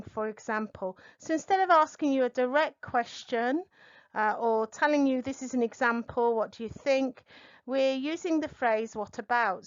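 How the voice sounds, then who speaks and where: A woman's voice: a little high, dry recording, dull audio. A middle-aged woman English tutor giving a spoken lesson, explaining carefully and stressing key words. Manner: clear, deliberate teaching delivery with stressed key words. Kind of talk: spoken language lesson to camera.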